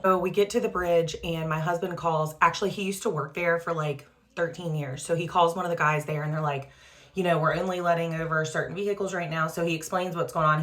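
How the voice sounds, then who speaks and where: A woman's voice: low voice, fairly bright tone. A woman in her thirties, a mother casually retelling a frightening family story for her vlog, full of "like" and "um" fillers. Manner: trying a skincare product while talking.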